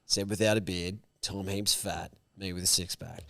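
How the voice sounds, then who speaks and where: An Australian man co-hosting a podcast, telling stories in a lively, casual way with free swearing. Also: sits low, moderate pace, gravelly, dry recording. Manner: animated storyteller, swearing freely. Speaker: podcast co-host. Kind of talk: casual chat.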